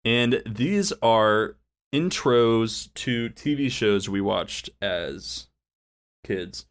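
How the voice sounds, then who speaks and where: A young man co-hosting a podcast in casual chat, animated and given to loud outbursts. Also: on the low side, drawn-out words. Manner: animated, jumps into loud exclamations. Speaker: podcast co-host.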